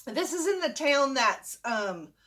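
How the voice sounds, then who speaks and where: A woman's voice: high voice, takes it slowly. An older woman, chatting in a casual storytelling vlog and acting out the dialogue as she goes. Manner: chatty, animated, acts out the dialogue. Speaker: vlogger.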